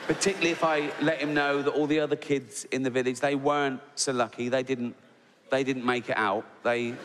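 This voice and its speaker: A man's voice: mid-range voice, background noise. A man doing a stand-up comedy set, crude and sardonic, acting out little scenes as he goes. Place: large theater with live audience. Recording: long hall reverb with loud audience laughter.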